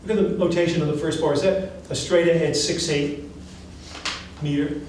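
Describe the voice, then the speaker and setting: A male music professor teaching a class, asking students questions in an animated, encouraging way. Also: a little high, moderate pace. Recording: echoey classroom from far off, faint hiss.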